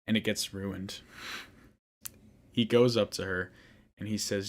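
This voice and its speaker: Low-voiced young man recapping anime. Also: fairly even intonation, slow pace. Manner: rambling, frustrated, many fillers and restarts. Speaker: podcast host. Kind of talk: casual anime recap monologue.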